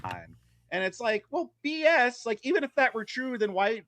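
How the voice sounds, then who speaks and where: A man, a guest on a stream, talking casually in halting bursts, with restarts and an uneven pace. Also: very high-pitched, expressive, a bit bright, dry recording. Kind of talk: casual chat.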